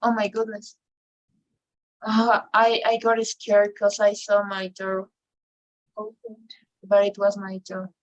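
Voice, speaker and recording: A woman teaching an English class online, talking slowly with many fillers and restarts. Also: medium pitch, dull audio. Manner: slow, hesitant, non-native English with many fillers.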